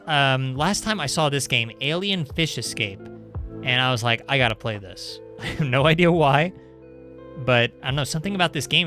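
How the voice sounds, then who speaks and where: A man's voice: medium pitch, pushed and bright. A young man streaming indie games, chatting casually and sarcastically while reading the game's text aloud. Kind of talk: casual live-stream commentary.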